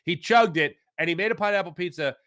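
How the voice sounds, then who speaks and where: A man's voice: high-pitched, quick pace, fairly bright tone. A man hosting a casual live sports chat, reading viewer comments and ranting playfully with lots of ums and uhs. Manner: playful, opinionated rants with frequent fillers.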